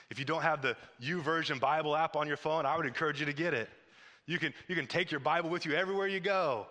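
A man's voice: on the high side, fast talker, bright, forceful tone. A man preaching a sermon as pastor, emphatic and repetitive, recorded in a church auditorium. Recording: long hall reverb.

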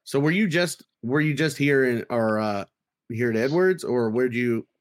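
Male podcast host, mid-pitched, dry close sound, relaxed and profane. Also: moderate pace, dry recording. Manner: upbeat, swears casually. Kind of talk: casual chat.

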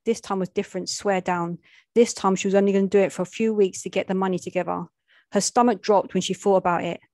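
A woman's voice: mid-range voice, no echo. Woman with reading a gritty story. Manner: plain, steady reading with street slang. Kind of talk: reading a gritty first-person-style short story aloud.

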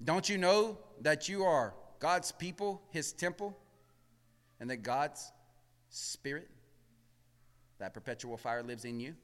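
A male pastor preaching a sermon in a church. He drops to hushed murmurs, then rises to shouted emphasis, and calls on the congregation to answer back. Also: on the high side, slow pace, long pauses, in a large hall. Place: church sanctuary.

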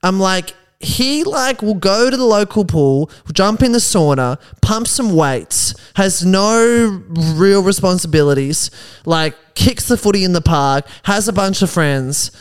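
A man, a comedian guest, telling rambling, animated stories in casual chat. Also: sits high, a little slow, clear, resonant tone. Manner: rambling, animated anecdotes with filler "like".

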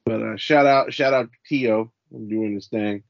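Relaxed, teasing male podcast co-host; dull, dry lo-fi recording. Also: on the low side, gravelly, dry recording. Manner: laid-back, teasing, halting with fillers. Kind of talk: casual podcast chat.

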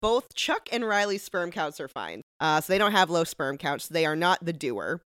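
A woman co-hosting a casual podcast recap, playful and jokey, slipping into quick impressions of characters. Her voice sits a little low for a woman and sounds dry and close to the mic. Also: very animated, a bit bright, clear, resonant tone, no room sound. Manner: playful, jokey, acts out lines in quotes. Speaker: podcast co-host.

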